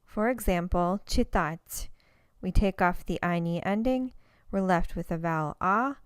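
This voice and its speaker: A woman teaching a recorded language lesson, explaining step by step and saying example words slowly and carefully. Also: fairly low pitch, expressive, smooth, no echo.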